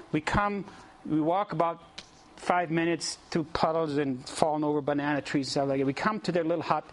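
A man preaching and telling a lively story to a congregation, animated and often chuckling as he addresses the audience directly. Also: on the high side, fairly quick. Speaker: preacher leading mission trips. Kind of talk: storytelling sermon.

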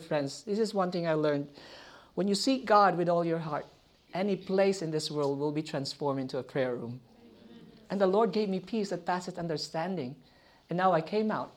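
A man telling a testimony in a sermon, calling his listeners friends and laughing as he goes. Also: high voice. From Philippines. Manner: storytelling, addresses audience as friends, laughs often. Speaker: preacher.

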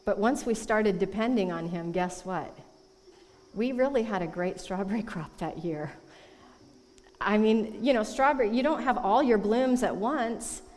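A woman sharing a testimony as co-speaker at a conference, emphatic and warm. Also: medium pitch, unhurried. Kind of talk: testimony talk. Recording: long hall reverb.

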